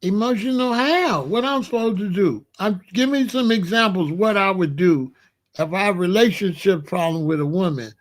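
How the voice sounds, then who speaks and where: A middle-aged man talks casually on his livestream. His voice sits on the high side, and he is blunt, animated and colloquial as he keeps asking his chat for examples. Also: normal speed. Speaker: livestream host.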